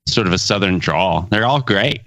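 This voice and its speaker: Male co-host, bright forward voice, wisecracking banter. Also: on the low side, animated, moderate pace, dry recording. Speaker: podcast co-host. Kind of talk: comedic podcast chat.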